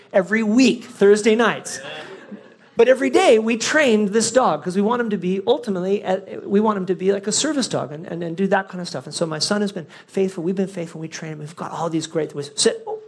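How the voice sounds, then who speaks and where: Pastor, storytelling sermon, animated and self-mocking, mid-pitched voice, church setting. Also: slightly rough. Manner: animated, self-mocking, swings from loud to hushed.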